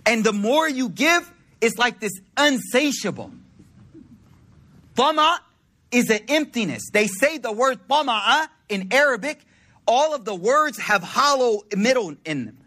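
A man preaches to his listeners in a loose, storytelling way, full of slang and acted-out dialogue. His voice sits high and sounds bright, with a slightly husky grain. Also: animated, a little slow. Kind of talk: informal sermon.

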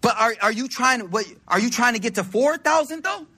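A man doing a blunt, deadpan old sage. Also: very high voice, a little fast, slightly rough, full character voice. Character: calm wise male ascetic teacher, blunt.

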